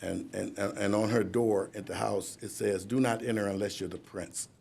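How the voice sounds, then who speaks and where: A man's voice: on the low side, steady tone, moderate pace, creaky, darkish tone, breathy edge. A man in his fifties giving a rambling, conversational recovery testimony at a courtroom ceremony, laughing at himself as he goes. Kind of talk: personal recovery testimony to an audience.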